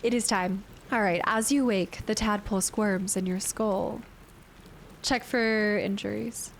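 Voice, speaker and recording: A woman's voice: medium pitch, steady tone, measured pace, creaky, a little hiss or hum. A woman streaming a game in a chatty, playful way, thinking aloud and thanking viewers from chat. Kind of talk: casual gameplay commentary.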